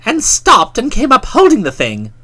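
Woman reading a comic first-person story, very animated ups and downs, wry and a bit pompous on purpose. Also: medium pitch, normal speed. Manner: wry, theatrical, mock-pompous. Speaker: audiobook narrator.

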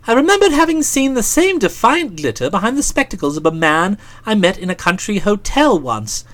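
A woman's voice: medium pitch, bright, forceful tone. A woman narrating a comic novel aloud in a dry, wry storytelling manner. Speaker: audiobook narrator.

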